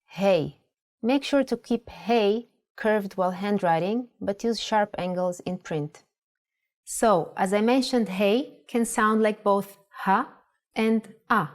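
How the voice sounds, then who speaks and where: A female Hebrew teacher with a mid-range voice narrates a scripted lesson, spelling out sounds clearly and slowly.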